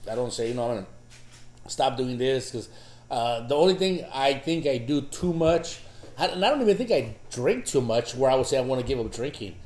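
A man's voice: medium pitch, lively intonation, fairly quick, darkish tone. Easygoing man chatting on a podcast. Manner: repeats words, easygoing. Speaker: podcast host. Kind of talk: casual chat. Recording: roomy echoey room.

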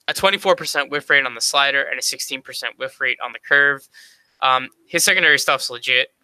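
Bright, crisp-voiced podcast man. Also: medium pitch, dry recording, low-quality recording. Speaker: podcast co-host. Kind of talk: casual sports podcast chat.

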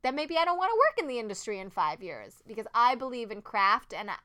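A woman who acts on stage, talking as a podcast guest, earnest and animated, with many "like"s and restarts. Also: on the high side, quick pace. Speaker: Broadway actress, podcast guest. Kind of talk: casual interview chat.

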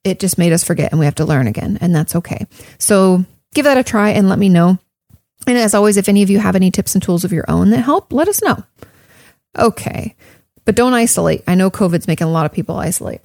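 A woman therapist talks through listener questions in a relaxed, chatty way. She fills her speech with "like" and "um" and repeats key points to drive them home. The recording is dry, with no room echo. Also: medium pitch, fast. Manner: conversational, frequent "like" and "um", emphatic repetition. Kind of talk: casual advice talk.

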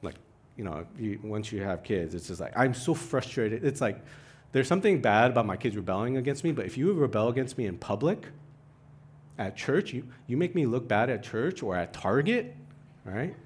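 A young adult man preaching a sermon in an animated way, his voice climbing for emphasis and mixing in self-deprecating asides. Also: mid-range voice, normal speed, husky. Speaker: pastor.

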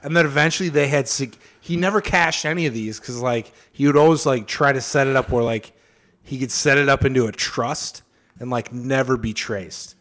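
A man's voice: medium pitch, moderate pace, fairly bright tone. A young man co-hosting a casual podcast chat, loose and profane, full of fillers. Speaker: podcast co-host.

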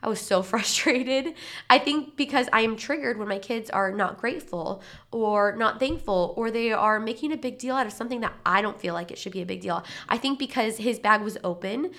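Young pregnant mom hosting a parenting podcast, candid and chatty, lots of "like". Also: female voice, a little high, a little fast, a bit bright. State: heavily pregnant. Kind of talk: casual solo podcast talk.

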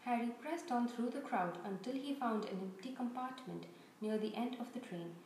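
A woman reading a storybook aloud with expressive, steady narration. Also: a little high, normal speed. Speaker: reader. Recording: very echoey room, faint noise.

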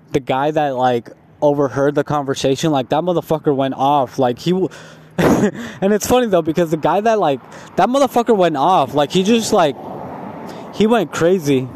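A young man, high as he talks, tells a long, rambling story full of "like" and swearing. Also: darkish tone. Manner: repetitive, profane, full of "like" fillers. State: stoned.

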